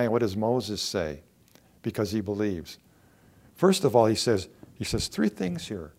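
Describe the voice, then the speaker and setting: A man preaching a sermon, earnest, repeating key phrases for emphasis and swinging between quiet and emphatic delivery. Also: lowish voice, lively intonation, normal speed. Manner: earnest, repetitive emphasis, rising and falling in intensity.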